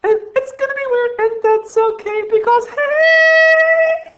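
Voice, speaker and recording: A man doing a goofy, drawn-out falsetto sing-song voice in a playful mood. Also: steady tone, lo-fi sound. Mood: silly. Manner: sings and drawls in a silly high voice.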